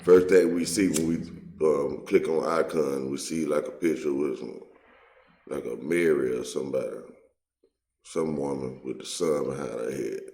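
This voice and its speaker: A man's voice: extremely low pitch, fairly even intonation, normal speed, mellow, echoey room, slight background noise. A man hosting his own video, giving a heated, profane commentary full of street slang. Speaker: online video host.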